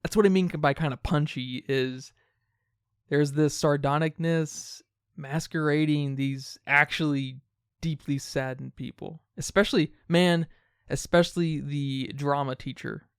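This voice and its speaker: A man co-hosting a podcast, talking casually about a film in quick, animated bursts. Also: fairly high pitch, clear, resonant tone, no echo, clean studio sound. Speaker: podcast co-host.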